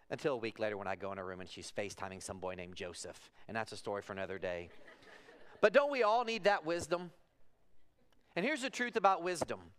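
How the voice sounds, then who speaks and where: A man in his forties preaching a sermon in a church, telling personal stories in a conversational way that moves from soft to emphatic. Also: fairly low pitch, animated, brisk, clear, resonant tone. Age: 40s. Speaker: pastor. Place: church sanctuary.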